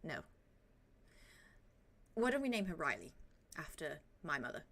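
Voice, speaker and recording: A woman's voice: sits low, big pitch swings, a little slow, fairly bright tone, full character voice. Woman doing a blunt male half-orc.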